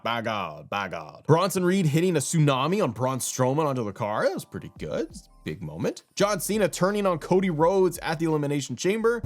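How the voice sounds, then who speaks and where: A man's voice: a little high, a little mellow. A young man hosting a wrestling channel, talking in a casual, rambling way with lots of restarts. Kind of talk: casual commentary.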